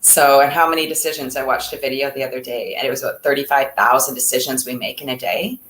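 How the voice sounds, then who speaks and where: Woman, low voice, encouraging, reflective, roomy echo. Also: fairly even intonation, fast, a bit bright, a little hiss or hum. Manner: reflective, encouraging, speaks in lists. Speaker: co-host. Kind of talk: casual conversation about mental health.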